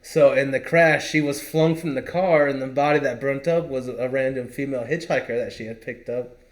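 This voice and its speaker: Speaking at a moderate pace in a steady, mid-range voice, this man co-hosts a podcast. He tells a long, rambling story casually, with frequent fillers, in a relaxed chat.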